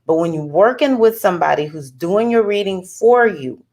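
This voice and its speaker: A woman astrologer talking casually to her viewers in an animated, chatty way, with bursts of excitement. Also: mid-range voice, moderate pace. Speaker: astrologer giving readings. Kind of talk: casual talking-head vlog.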